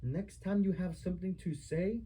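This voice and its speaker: A young man argues with his mother in a heated confrontation, asking the same accusing questions again and again. His voice sits high for a man but sounds dark and husky. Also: steady tone, moderate pace, rough recording. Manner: accusing, repetitive rhetorical questions. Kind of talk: heated family argument.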